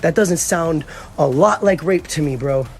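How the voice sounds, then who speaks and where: A man's voice: on the high side, measured pace, breathy edge. A man in a played clip, arguing bluntly in casual slang.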